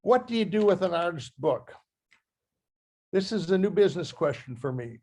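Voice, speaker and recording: An older man from Ohio, a guest speaker who reads from his memoir in a halting, heartfelt way and often restarts his phrases. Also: high voice, sing-song, darkish tone. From Ohio, USA. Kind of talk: talk reading from his memoir.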